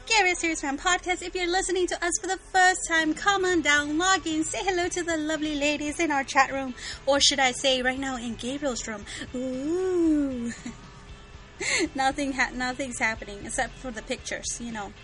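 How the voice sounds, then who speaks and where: A woman's voice: high-pitched, normal speed, sharp tone, faint music behind. A woman co-hosting a fan podcast in casual chat, chatty and giggling often. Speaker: podcast co-host.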